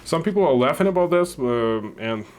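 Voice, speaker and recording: A man in his thirties from Russia with a Russian accent, hosting a reaction video and talking it through slowly with many fillers. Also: mid-range voice, animated. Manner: thoughtful, hesitant, many fillers. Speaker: reaction channel host. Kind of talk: reaction commentary.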